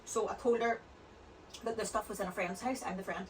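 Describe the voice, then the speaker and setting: Chatty woman, rapid and rambling, mic set slightly back. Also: mid-range voice, steady tone, far from the mic, heavy background noise. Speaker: podcast guest. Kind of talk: casual chat.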